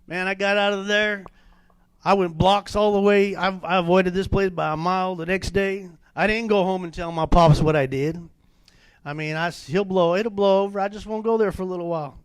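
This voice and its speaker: A man giving an animated personal testimony at a church men's meeting, with many fillers and restarts. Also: high-pitched, fairly quick, clear, resonant tone, no echo. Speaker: testimony speaker.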